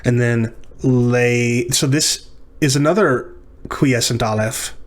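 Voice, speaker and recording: A language instructor in a recorded lecture works through practice exercises unhurriedly, his voice medium-pitched. He thinks aloud, pauses to correct small slips, and carefully sounds out each word syllable by syllable.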